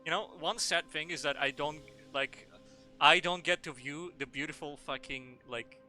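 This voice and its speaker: Bright, playful game streamer man. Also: fairly high pitch, normal speed, faint music behind. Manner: playful, swears a lot, rambling. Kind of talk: casual live-stream chat.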